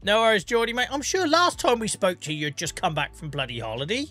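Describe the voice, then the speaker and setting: A man in his forties, live streaming a farming game and chatting casually with his chat, joking, laughing often and greeting viewers by name on a boom-arm mic. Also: animated, fast, pushed and bright, faint music behind. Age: 40s. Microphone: boom-arm microphone.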